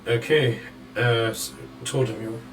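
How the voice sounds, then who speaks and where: A man running a tabletop game as dungeon master, calling out the action in a measured play-by-play. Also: mid-range voice, fairly even intonation, far from the mic, noisy background.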